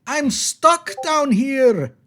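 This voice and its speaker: A game master voicing a seventeen-year-old young man trapped in a well, high and pleading, in a tabletop game. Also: animated, very slow, a bit bright, heavily acted. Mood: pitiful.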